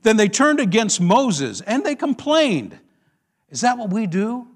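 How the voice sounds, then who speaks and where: A male pastor preaching a sermon, telling a story with lively call-and-response questions to the congregation. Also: sits high, measured pace.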